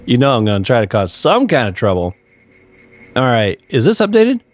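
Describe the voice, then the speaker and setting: A man's voice: mid-range voice, wildly swooping pitch, normal speed. A man hosting a gaming channel, giving chatty, upbeat let's-play commentary. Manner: upbeat, chatty, laughs often.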